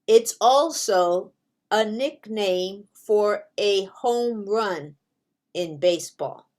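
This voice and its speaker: A woman teaching English pronunciation at a very slow, deliberate pace. She lays out each example word carefully, patient with her learners, and her pitch sits in an ordinary middle range. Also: animated, darkish tone. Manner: drawn-out, carefully spaced delivery with examples.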